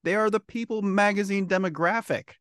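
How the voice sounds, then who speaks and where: A man's voice: sits high, steady tone, a little fast, fairly bright tone, no room sound. Joking incredulous man, dry sound. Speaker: podcast co-host. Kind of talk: casual film discussion.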